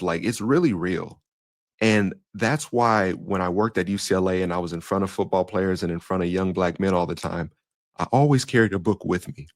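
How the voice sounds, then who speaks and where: A young man from Denver with an African American English accent and Southern touches, slightly nasal and raspy, telling stories in a casual monologue as a podcast host. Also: low voice, dry recording, studio quality. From Denver, Colorado. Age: young adult. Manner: storytelling, shifts voice up and down.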